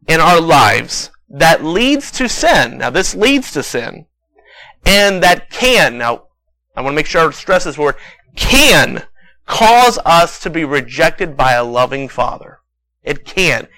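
A man preaches a sermon in a loose, conversational, storytelling way. His voice sits a little high and sounds bright and forceful, and it is recorded dry and close. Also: dry recording, rough recording.

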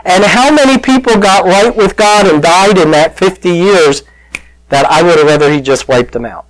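A pastor preaches a sermon to his congregation, telling the story conversationally and with animation while calling out to listeners. His voice sits high and moves at a moderate pace, captured in a dry, rough recording.

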